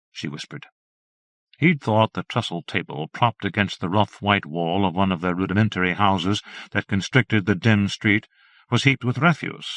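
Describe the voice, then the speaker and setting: A man reads a horror story aloud in a measured, steady manner. His voice sits fairly low. The recording is dry, with no room sound. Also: no room sound. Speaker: audiobook narrator. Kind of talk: scripted narration.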